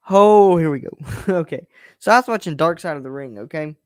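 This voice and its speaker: A young man hosts his own show in a casual personal monologue, his voice on the high side, expressive and a little fast. He talks bluntly and emphatically, swearing freely and often restarting his words. The sound is clean studio audio with no room sound.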